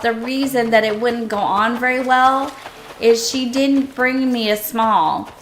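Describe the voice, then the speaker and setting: A middle-aged woman on a live stream tells a story in an unhurried, drawn-out way, with a slightly high voice. She laughs often as she talks. Soft game music plays faintly behind her. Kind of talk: casual storytelling while gaming.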